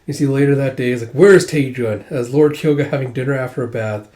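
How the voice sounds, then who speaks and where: A man's voice: medium pitch, steady tone, quick pace, mellow. A young man casually retelling a manga chapter, his throat sore and strained. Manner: casual, filler-heavy retelling. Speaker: manga reader, video host. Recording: roomy echo.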